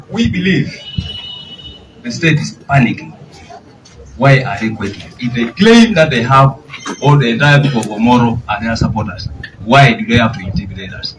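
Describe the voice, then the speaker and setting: A man's voice: on the high side, a bit bright, poor audio. A man with a Ugandan English accent, a party official at a press briefing, speaking indignantly with pointed questions.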